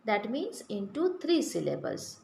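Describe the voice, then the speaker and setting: A woman's voice: fairly high pitch, huge pitch swings, unhurried, vocal fry, a little mellow. A woman teaching a grammar lesson to children, spelling words out letter by letter and asking the class questions. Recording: echoey room with faint background noise.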